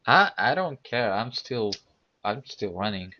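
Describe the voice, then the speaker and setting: A man playing a tabletop game, making dry remarks at an unhurried pace. His voice is very low and slow. The recording is dull, with a faint hiss behind it. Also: sing-song. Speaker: player. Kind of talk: casual tabletop game chat.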